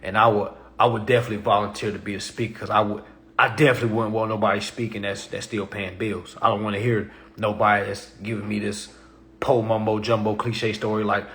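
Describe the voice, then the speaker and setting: A man runs a casual livestream, speaking a little fast and with plenty of emphasis, his points often ending in "okay" or "all right." He alternates between low-key talk and sudden loud, energetic bursts.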